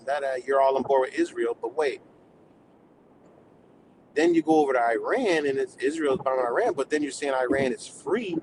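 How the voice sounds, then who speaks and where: A man's voice: medium pitch, background noise. A man from the United States on a live stream, delivering a heated, profane, rambling rant.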